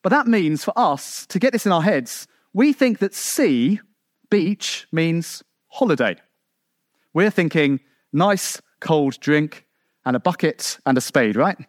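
English guy preaching, high voice that swoops all over, dry close sound, keeps asking the room questions. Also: no room sound. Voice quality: rhetorical questions, conversational asides. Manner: animated, rising to emphatic peaks then dropping low. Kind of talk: sermon.

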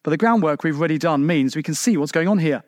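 A man delivers a sermon in a high voice with a dry, close sound. He is emphatic, asking his listeners rhetorical questions, and leaps up and down in pitch to drive his points home. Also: quick pace, no room sound. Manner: shifts pitch sharply for emphasis. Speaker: preacher.

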